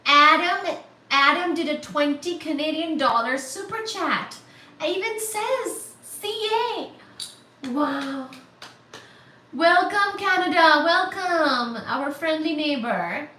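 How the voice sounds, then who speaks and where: A woman hosting a casual livestream, chatting with viewers and thanking them for super chats in a bubbly, excitable way. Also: high voice, takes it slowly. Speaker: livestream host. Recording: roomy, distant, faint static hiss.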